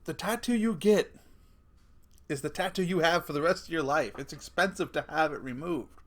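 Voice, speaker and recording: A man's voice: fairly high pitch, normal speed, fairly bright tone. A middle-aged man telling family stories in a casual rant, swearing freely and laughing at his own punchlines. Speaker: vlogger.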